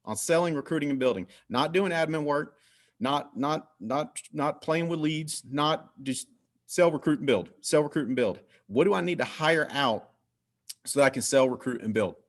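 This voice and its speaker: A man hosting a team video call, energetic and repeating his points. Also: on the high side, moderate pace. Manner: energetic, repetitive, hyped. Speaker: host.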